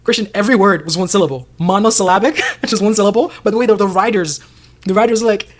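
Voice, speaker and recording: A man co-hosting a casual TV discussion podcast, animated and profane, laughing often and acting out characters' lines. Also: high voice, fast, slight background noise. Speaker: podcast co-host.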